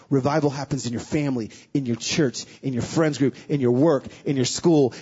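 A male preacher with a very high, husky voice gives an animated sermon, acting out dialogue as he tells stories. The recording sounds dull and lo-fi. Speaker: guest speaker. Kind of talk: sermon with storytelling.

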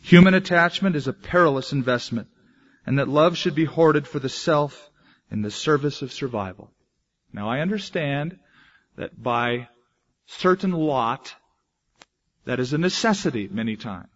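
A male pastor preaching a sermon, moving between loud, emphatic declarations and quiet, hushed asides. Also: medium pitch, expressive, measured pace, pauses often, lo-fi sound.

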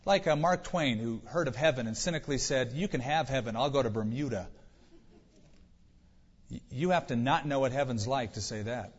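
A male pastor preaches conversationally, asking rhetorical questions and dropping dry jokes. His voice is husky and mid-pitched. The recording sounds dull and lo-fi, with long reverb from a large hall. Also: normal speed. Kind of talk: sermon.

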